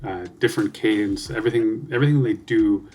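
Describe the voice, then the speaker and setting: Canadian guy chatting his reaction to a song, laid back, lots of ums, low-ish voice. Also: quick pace, darkish tone. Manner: laid-back, swears freely, thinks aloud with fillers. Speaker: reaction video host. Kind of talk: casual music reaction commentary.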